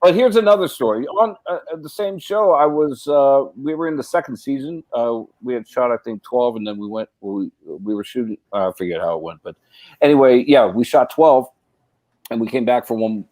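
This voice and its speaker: A man's voice: medium pitch, animated, fairly quick, darkish tone, no room sound. A middle-aged man tells a long story in a casual, rambling way. He keeps restarting his sentences and fills the gaps as he goes. His voice sits in an ordinary middle register and sounds dry and close, with no room around it. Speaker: guest actor. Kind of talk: casual anecdote telling.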